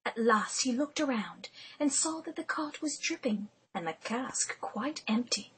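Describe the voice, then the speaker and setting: High lady whispering an audiobook, super airy and hushed. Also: expressive, measured pace, husky, rough recording. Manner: hushed, intimate storytelling whisper. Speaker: audiobook narrator. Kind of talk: whispered narration.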